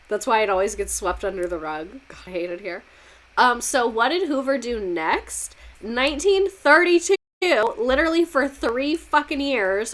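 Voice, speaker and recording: A woman's voice: a little high, a bit bright. A woman, a former teacher, gives a casual and sarcastic history lesson full of swearing and laughing asides.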